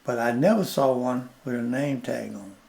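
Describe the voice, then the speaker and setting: An older man, a plainspoken interview guest telling stories slowly and repeating his points. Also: mid-range voice, gravelly, a little mellow. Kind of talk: storytelling in casual conversation.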